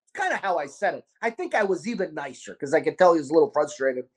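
A man with a Baltimore accent, hosting a podcast and telling a restaurant story in a loud, profane, animated way. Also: fairly high pitch, fast talker. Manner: animated, profane, acts out quotes. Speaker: podcast host, restaurant owner. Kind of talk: casual storytelling chat.

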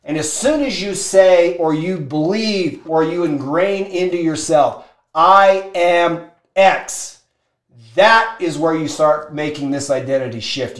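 A man gives a motivational talk in a fairly high voice, telling a story with lively, animated delivery and acting out each person in turn. The room around him is echoey and reverberant. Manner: animated storyteller, acts out quotes, shouts for emphasis. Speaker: motivational speaker.

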